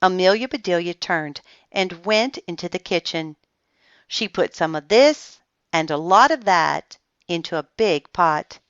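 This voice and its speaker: Woman narrator for a children's read-aloud, unhurried, lively, dry dull lo-fi audio. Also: on the low side, no room sound. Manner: slow, expressive storytelling. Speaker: storybook reader.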